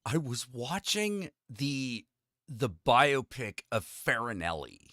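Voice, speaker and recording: Chatty man on a casual talk show, dry close sound, bright and lively. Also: mid-range voice, slow pace, no room sound. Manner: lively, chatty, lots of "you know" and "um". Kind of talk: casual podcast chat.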